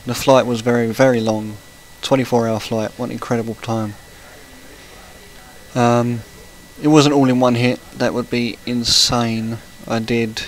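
A man's voice: mid-range voice, poor audio. Rambling man chatting while gaming. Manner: rambling and chatty, breaking off to react to the game. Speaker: gaming channel host. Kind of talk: casual let's-play commentary.

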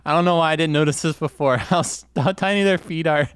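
A young man co-playing a game, making jokey, teasing commentary that bursts into shouts. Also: a little high, fast, clear, resonant tone. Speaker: guest co-player. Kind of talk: casual gameplay commentary.

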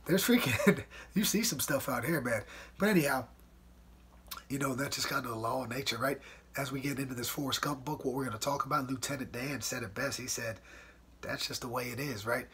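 A man's voice: mid-range voice, fairly even intonation, fairly quick, sharp tone, slightly rough. Laid-back chatty man hosting a podcast. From United States. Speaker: podcast host. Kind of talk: casual solo podcast talk. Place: at home in front of a white wall.

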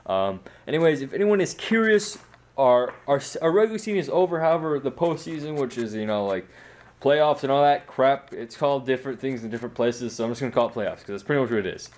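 A man's voice: mid-range voice, lively intonation, fast talker, a little mellow. A teenage boy chatting casually in a home vlog, rambling and mocking himself, tired after sports practice. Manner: rambling, self-mocking, many fillers. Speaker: vlogger.

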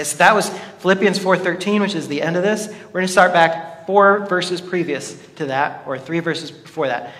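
Bright-voiced man preaching in a hall. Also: high-pitched. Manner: playful, jokey, talks to the congregation. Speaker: pastor. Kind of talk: sermon. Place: church hall. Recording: reverberant hall.

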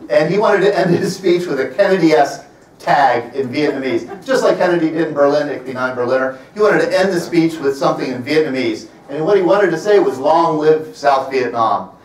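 A man in his fifties giving a public talk in a library, telling wry travel stories and slowing down to stress his points. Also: a little high, a little mellow. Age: 50s. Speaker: presenter. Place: library event room. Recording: roomy sound from a distant mic.

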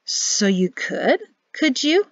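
Composed young heroine, read by a woman narrator; light and a touch higher, dry muffled sound. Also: big pitch swings, slow pace, no room sound, heavily acted. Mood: teasing. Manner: sweetly teasing.

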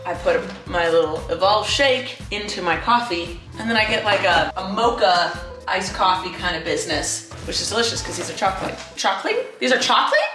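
A woman's voice: fairly low pitch, fairly quick, music in the background. Playful rambling woman vlogging, roomy sound. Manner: playful, rambling, self-mocking. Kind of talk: casual daily vlog. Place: at home.

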